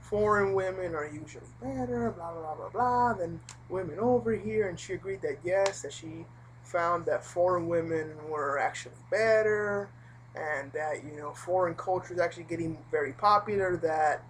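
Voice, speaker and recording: A woman's voice: lowish voice, normal speed, slight background noise, poor audio. A woman telling a personal story in a casual, rambling vlog, full of fillers and asides. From Puerto Rico. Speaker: vlogger.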